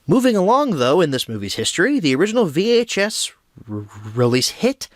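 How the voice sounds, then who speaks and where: A man's voice: high voice, a little fast, dry recording. Chatty young man hosting film reviews. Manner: chatty, self-deprecating, lively storytelling. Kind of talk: casual film review monologue.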